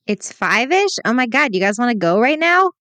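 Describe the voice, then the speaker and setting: Animated woman plotting a tabletop heist. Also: on the high side, normal speed, no echo. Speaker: player. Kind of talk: in-character tabletop play.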